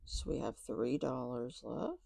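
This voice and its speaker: A woman chatting casually to viewers while counting out savings, talking soft and low close to the mic. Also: unhurried, vocal fry, husky, no echo. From Texas. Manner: chatty, soft and low, says y'all often. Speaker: budgeting vlogger.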